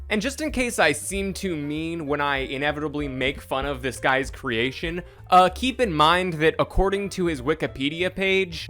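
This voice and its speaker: A man's voice: a little high, a bit bright. A young man hosting a sarcastic comedy commentary, casual and self-mocking. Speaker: commentary host.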